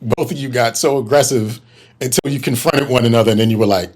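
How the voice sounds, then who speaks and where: A man's voice: mid-range voice, fairly even intonation, quick pace, a little mellow. A young man co-hosting a casual podcast, laid-back and joking as he chimes in. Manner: laid-back, playful interjections and jokes. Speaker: podcast co-host.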